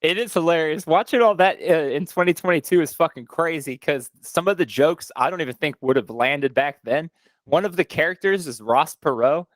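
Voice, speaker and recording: A man's voice: a little high, normal speed, dry recording. A man from Texas, co-hosting a podcast and rambling through stories in casual, swearing chat. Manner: rambling storyteller, swears freely. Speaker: podcast co-host.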